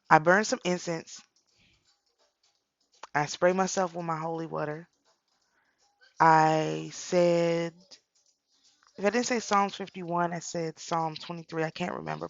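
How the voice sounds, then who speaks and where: A middle-aged woman who hosts a spiritual channel talks casually about spiritual practice, repeating phrases as she tells a personal story. Her voice is on the low side and creaky, and the audio is dull with no echo.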